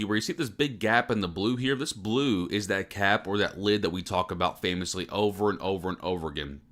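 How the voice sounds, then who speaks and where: A man delivering live storm coverage as a weather forecaster, rattling through it at a quick clip in a lowish voice. He is running on almost no sleep, and his delivery stays fairly monotone. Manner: self-described monotone delivery. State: tired from little sleep.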